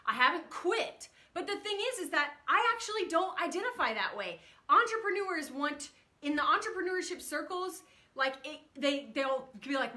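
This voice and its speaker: A woman's voice: very high-pitched, sing-song, normal speed, pushed and bright. A woman in her thirties hosting a casual livestream from a room at home, chatty and emotional, greeting viewers by name as she talks. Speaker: livestream host.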